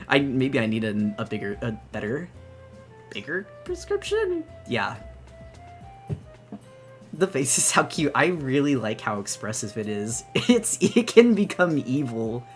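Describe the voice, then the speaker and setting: A young woman chatting excitedly on her debut live stream, bubbly and gushing, rambling with lots of restarts. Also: rumbling low. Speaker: VTuber streamer.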